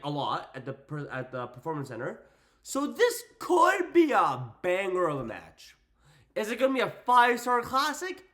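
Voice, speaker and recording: A man's voice: high-pitched, a bit bright. A man giving a casual, slangy wrestling recap, putting on voices for quotes. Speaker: wrestling commentator.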